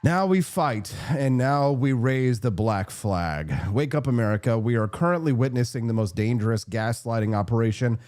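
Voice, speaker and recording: A man's voice: mid-range voice, animated, normal speed, hardly any pauses, a little mellow. A man hosting a political commentary show, talking in a sarcastic, combative way and reading out viewer comments. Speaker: host.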